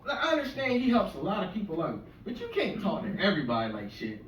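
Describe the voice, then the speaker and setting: A stand-up comedian in his forties from the US East Coast shore rambles through a profane, conversational rant. His voice sits high with wildly swooping pitch, quick and a bit bright. The room is echoey, the mic distant, with faint noise.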